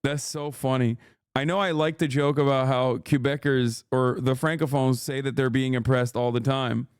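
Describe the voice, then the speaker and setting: A man's voice: medium pitch, steady tone, normal speed, clear, resonant tone, no room sound, studio quality. A man streaming live, reacting in casual chat, incredulous and profane as he reads out chat messages.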